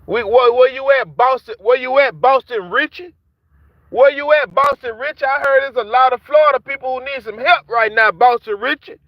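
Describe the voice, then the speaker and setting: Man vlogger, angry taunting rant, high voice, dull dry lo-fi sound from a car. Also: moderate pace, no echo. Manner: heated, repetitive, taunting. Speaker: vlogger ranting at rappers. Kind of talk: angry street-talk rant to camera.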